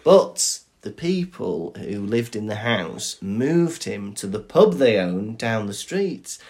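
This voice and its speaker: This podcast co-host has a lowish voice and takes his time. He's an animated storyteller in a relaxed conversation, frequently breaking into laughter.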